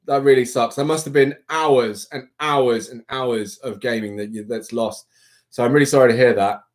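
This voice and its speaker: A young man hosting a livestream, chatting casually with viewers in an animated, rambling way. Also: mid-range voice, normal speed. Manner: chatty, animated, self-interrupting. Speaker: livestream host. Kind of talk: casual live chat with viewers.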